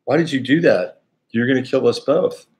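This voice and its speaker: A man's voice: mid-range voice, normal speed, darkish tone, natural voice. A man voicing a wary, disbelieving male frog from a fable. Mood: dismayed.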